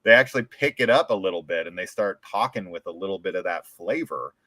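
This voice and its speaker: Rambling American man, low voice. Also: lively intonation, quick pace, bright, forceful tone, no room sound. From United States. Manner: rambling, full of "like" and restarts, swears casually. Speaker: podcast host. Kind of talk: casual chat.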